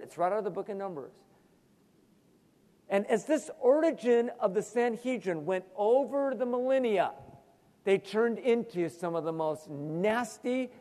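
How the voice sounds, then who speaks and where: A male pastor preaching a sermon, animated, with sudden emphatic rises and asides. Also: high voice, long reverb tail.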